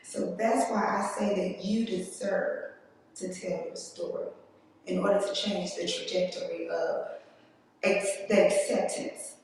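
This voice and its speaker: Woman speaker, emotional testimony, unhurried, distant in a roomy hall. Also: fairly low pitch, little pitch movement, darkish tone, slight background noise. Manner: emotional, earnest, addresses audience as "y'all"; slow, deliberate delivery with long pauses. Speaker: conference speaker. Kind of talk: personal testimony talk. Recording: echoey hall, distant mic.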